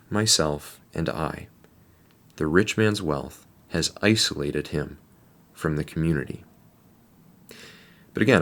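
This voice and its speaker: A man with a deep, low voice gives a devotional reflection. He speaks in a measured, deliberate way and often poses rhetorical questions to his listeners.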